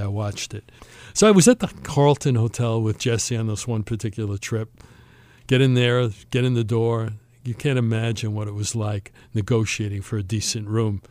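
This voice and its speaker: A man hosting a podcast, telling a travel story in a lively way and acting out the other people's lines. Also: medium pitch, no room sound. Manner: animated storyteller, acts out quoted voices. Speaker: podcast host. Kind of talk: storytelling chat.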